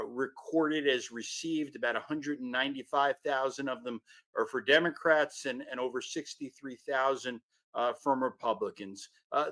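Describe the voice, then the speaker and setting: A man who edits a political news outlet, giving a brisk, informational election update on radio. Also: mid-range voice, fairly bright tone. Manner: brisk, informational, repeats words.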